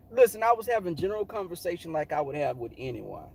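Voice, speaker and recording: Fast, creaky and husky, this middle-aged man's voice carries an animated, casual story. He's sassy and profane and leaps into high voices for the quotes.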